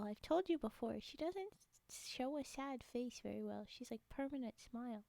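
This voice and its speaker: A young woman hosting a casual live stream, bubbly and apologetic, often slipping into soft whispery asides as she chats with viewers. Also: high voice, animated, normal speed, vocal fry, no room sound. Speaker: livestream host.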